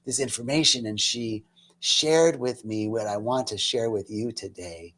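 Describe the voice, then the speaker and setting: Speaking at a fairly low pitch and an unhurried pace, a man who hosts spiritual talks shares his own spiritual story with earnest emotion. His manner is relaxed and conversational, peppered with self-deprecating asides, dipping into near whispers before rising loud once more.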